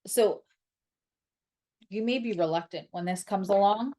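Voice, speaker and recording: A woman's voice: fairly high pitch, unhurried, pauses often. A woman giving a casual tarot reading to camera, blunt and sarcastic, and she swears freely. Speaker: astrologer and tarot reader.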